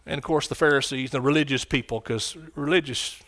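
A man preaching a sermon, swinging from quiet, low lines to loud, shouted ones. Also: steady tone, brisk. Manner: impassioned, rising to shouts and dropping low.

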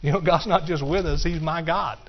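Man, pastor, emphatic preaching in a church, slightly high voice, muffled lo-fi sound. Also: brisk. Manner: emphatic preaching, shouts of hallelujah. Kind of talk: sermon. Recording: muffled lo-fi sermon recording.

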